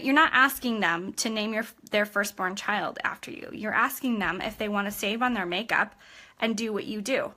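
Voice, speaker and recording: A woman's voice: high voice, pushed and bright. A young woman giving an upbeat live-streamed coaching talk as a sales team trainer, chatty and constantly checking in with her listeners.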